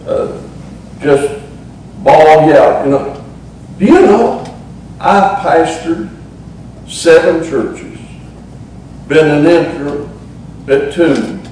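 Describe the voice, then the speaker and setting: Drawing out words for emphasis, a middle-aged pastor with a Southern Appalachian accent delivers a folksy, humorous sermon in a church sanctuary. His voice is slightly high and darkish in tone. It's recorded from a distance in the echoey room, with slight background noise.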